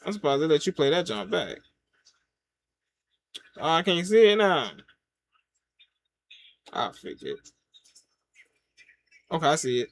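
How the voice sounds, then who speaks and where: A man reacts live to a wrestling broadcast, his fairly high voice bouncing all over the place. He yelps at big moves, then drops to a low mutter, talking in loose slang to himself and his viewers. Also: unhurried, vocal fry, pauses often. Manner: animated, swings from loud excited yelps to low mutters; casual slang, talks to himself and the chat. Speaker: wrestling watch-along reviewer. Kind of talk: casual live reaction commentary.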